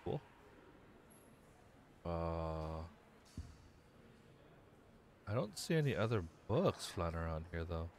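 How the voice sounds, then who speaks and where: A man's voice: deep voice, big pitch swings, takes it slowly, long pauses, noisy background. A man doing let's-play commentary, rambling and self-deprecating as he chats to himself while playing. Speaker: gamer.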